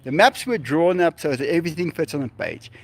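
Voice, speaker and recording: A man's voice: on the high side, expressive, brisk. A man with a South African accent, Afrikaans his first language, chatting animatedly to livestream viewers beside an animal enclosure. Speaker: livestream host. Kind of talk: casual livestream chat.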